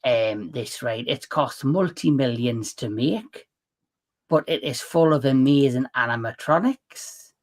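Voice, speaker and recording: A man's voice: mid-range voice, expressive, measured pace. A Geordie man hosts a casual live panel, chatty and blunt, telling stories at length in an easy, conversational way. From Newcastle, England. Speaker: livestream host.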